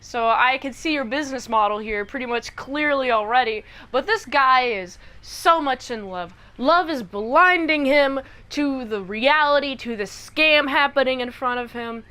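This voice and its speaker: A woman's voice: high voice, unhurried, few pauses, clean tone. A young woman casually recapping a TV episode and acting out the characters as she tells it. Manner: animated storytelling that acts out the characters. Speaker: reviewer.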